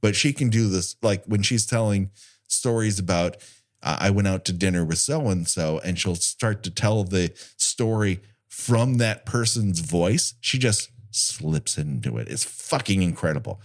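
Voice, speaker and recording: Low-voiced man in profane chat. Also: expressive, unhurried. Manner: rambling, profane, laughing often. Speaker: podcast co-host. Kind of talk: casual chat.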